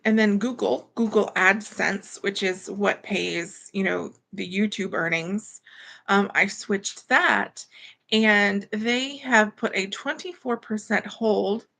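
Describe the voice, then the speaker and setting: A woman's voice: medium pitch, creaky, a bit bright. A woman hosting a live stream, chatting casually in a rambling way with lots of fillers and greeting viewers by name.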